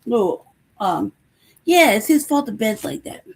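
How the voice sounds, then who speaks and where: A woman's voice: a little high, unhurried, vocal fry, breathy edge. A woman hosting a casual live chat, telling stories, laughing often and swearing freely. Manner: laughing often, profane, animated storytelling. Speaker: host.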